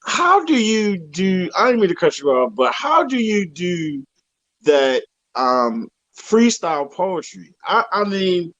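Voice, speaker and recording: A man's voice: sits high, sing-song, slow, a bit bright, no echo, dull audio. A man hosting an interview show, talking casually in a hesitant way with many fillers and restarts. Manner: hesitant, filler-heavy, friendly "sis" address. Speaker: host.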